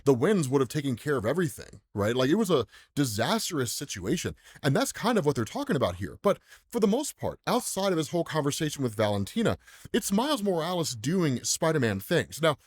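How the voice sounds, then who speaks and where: A man's voice: a little high, big pitch swings, a little fast. An American man hosting a comics commentary channel, chatting casually and tacking "right?" onto his sentences. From United States. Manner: chatty, says "right?" constantly, laughs often. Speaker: comics explainer channel host.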